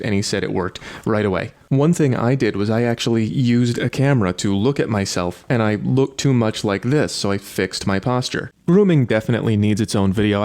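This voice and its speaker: A man's voice: medium pitch, darkish tone. A man who is a dating coach, giving blunt, matter-of-fact advice in a scripted video essay.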